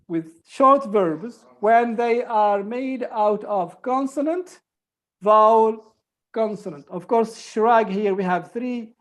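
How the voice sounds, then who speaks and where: A woman teaching an online group English lesson, patiently repeating examples and explaining rules step by step. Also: medium pitch.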